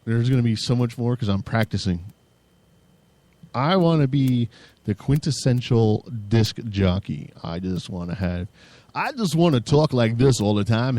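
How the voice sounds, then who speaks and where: Goofy, laughing man with a lively voice. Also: medium pitch, unhurried, dry recording. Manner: goofy, jumps into mock radio-DJ and metalhead voices; swears freely, laughs a lot. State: tired. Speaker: podcast co-host. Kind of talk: casual banter.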